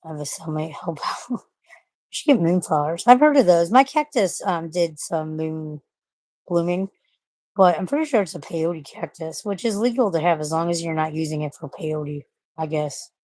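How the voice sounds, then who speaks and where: A woman's voice: sits low, moderate pace, darkish tone, no room sound. Rambling, cursing woman on a dry mic. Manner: rambling, swears often, coos at her pets. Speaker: streamer chatting with viewers. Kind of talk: casual livestream chat. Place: bedroom at home.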